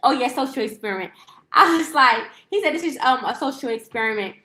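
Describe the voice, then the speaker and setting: A woman's voice: high-pitched, lively intonation, brisk, pushed and bright, echoey room. A woman vlogger telling a story in a casual rant, rambling and profane, with lots of fillers and restarts. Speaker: lifestyle vlogger and livestreamer.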